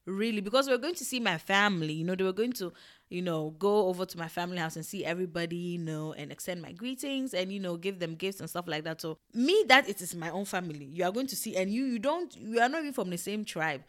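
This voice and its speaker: Expressive young woman with a Ghanaian accent. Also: on the low side, quick pace. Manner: emotional, expressive, swings between hushed and loud. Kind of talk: personal storytelling.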